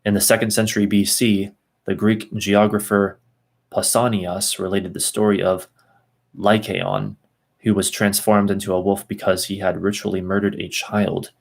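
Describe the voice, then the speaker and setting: A man reading a text aloud at an easy pace, stopping for asides and second tries at hard names. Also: low voice. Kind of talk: casual reading and commentary.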